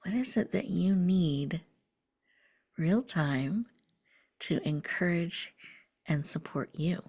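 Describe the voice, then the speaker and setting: A woman host leads a guided breathing meditation, her low voice soft and unhurried. She often slips into breathy half-whispers, and a gravelly edge runs through her tone. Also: expressive.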